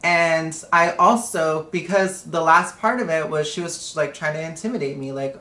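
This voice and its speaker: Low voiced woman venting on a livestream, cusses a lot, echoey room. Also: normal speed, hardly any pauses, pushed and bright. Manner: blunt and profane, retelling a confrontation. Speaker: live streamer. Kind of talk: casual storytime on a live stream.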